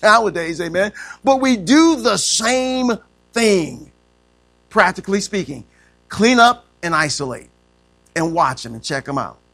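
A man's voice: high voice, creaky, fairly bright tone. A man preaching a sermon who stops to ask the congregation to fill in words and stretches out the key phrases for emphasis. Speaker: pastor.

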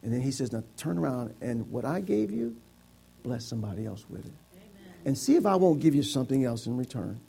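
A man's voice: a little high, creaky, warm tone. A man preaching a sermon, playful, acting out the voices of people giving grudgingly as an object lesson. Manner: playful, acts out voices of reluctant givers.

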